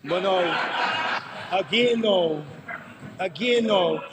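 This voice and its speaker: A man's voice: high voice, very slow, in a large hall, a crowd in the background, poor audio. A Dominican man, a member of parliament, giving an emphatic debate speech in the chamber and repeating himself for stress.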